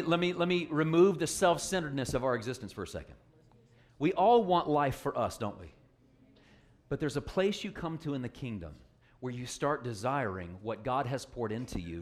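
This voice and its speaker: A man preaching a sermon, joking with the congregation and calling for responses. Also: medium pitch. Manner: call-and-response, joking, emphatic.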